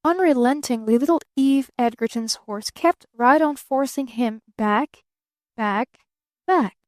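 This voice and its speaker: A woman narrating an audiobook in an expressive storybook reading. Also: high-pitched, a little slow, dry recording. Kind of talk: scripted narration.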